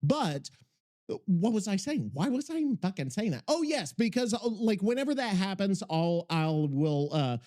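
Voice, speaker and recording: A man's voice: high voice, sing-song, normal speed, mellow. A man hosting a podcast in a casual, rambling way, swearing often and breaking off mid-thought while he works on something. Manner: profane, scattered, self-interrupting, working while talking. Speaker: podcast host.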